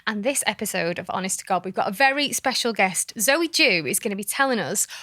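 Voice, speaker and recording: A woman's voice: mid-range voice, lively intonation, a little fast, pushed and bright, no room sound, studio quality. A woman co-hosting a podcast, chatting in a bubbly, enthusiastic way. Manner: bubbly, enthusiastic, laughs often. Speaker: podcast co-host. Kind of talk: casual chat.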